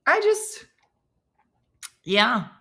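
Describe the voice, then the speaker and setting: A woman's voice: on the high side, extremely slow, gravelly. A middle-aged woman hosting a casual morning show, joking with viewers while she cooks. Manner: animated, jokey, talks to viewers while cooking. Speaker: host.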